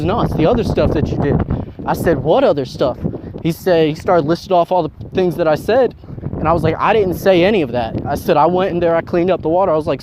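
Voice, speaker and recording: A young man telling a personal story in a casual, rambling way, with many fillers. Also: a little high. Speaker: vlogger. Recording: dull lo-fi sound with faint noise.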